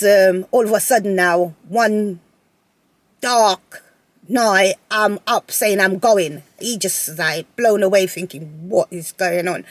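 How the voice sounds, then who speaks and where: A woman telling a personal story to her viewers in a casual, animated way, often repeating phrases and laughing. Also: medium pitch, no room sound. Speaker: vlogger.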